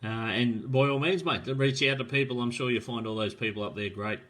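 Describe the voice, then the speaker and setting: Male host, casual live-stream chat, rambling and friendly, bright tone. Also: medium pitch, brisk. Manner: rambling, filler-heavy, friendly, calls people mate. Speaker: host of a live drag racing show.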